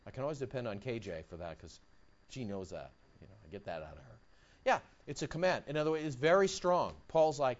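A male pastor preaching a sermon, acting out quotes and swinging from quiet asides to loud, high bursts. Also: expressive, a little fast. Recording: dull lo-fi recording.

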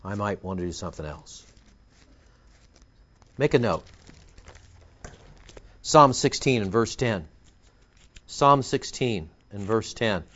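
Brief: confrontational male pastor, animated pitch swings, dull lo-fi recording. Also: takes it slowly, pauses often. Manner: emphatic, confrontational, scolding. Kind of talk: sermon.

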